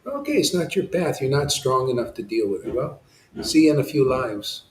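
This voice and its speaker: A man's voice: mid-range voice, big pitch swings, normal speed, darkish tone, reverberant, a little hiss or hum, low-quality recording. A man giving an informal devotional satsang talk, rambling and impassioned, with frequent restarts and asides. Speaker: devotional speaker.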